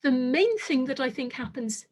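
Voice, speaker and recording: High-voiced woman giving an academic lecture. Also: animated. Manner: measured, precise, carefully qualified.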